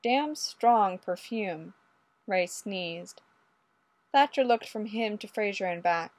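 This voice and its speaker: A woman narrating a story aloud in a lively, expressive way. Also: mid-range voice, slow, no room sound. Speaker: audiobook reader.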